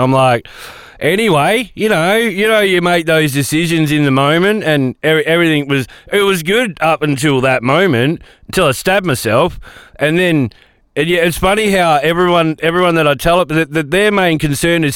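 A man's voice: fairly high pitch, expressive, moderate pace, fairly bright tone, clean tone, dry recording, clean studio sound. A middle-aged Australian man hosting a radio show, chatting casually in a rambling, self-deprecating way with lots of restarts.

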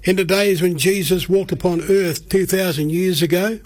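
A man's voice: high voice, steady tone, moderate pace, no echo. Earnest radio preacher, man. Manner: earnest, plain-spoken, repeats himself. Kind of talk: radio gospel message.

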